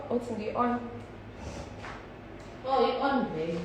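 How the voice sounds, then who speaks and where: A woman's voice: fairly high pitch, moderate pace, echoey room, slight background noise, rough recording. A South African woman chatting casually on a phone livestream, switching between languages and swearing freely.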